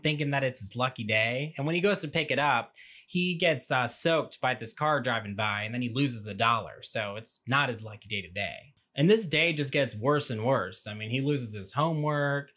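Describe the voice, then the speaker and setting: A movie commentary host recaps a film for laughs, dropping sarcastic, wry asides along the way. His medium-pitched voice sounds pushed and bright, and the recording has an audio glitch.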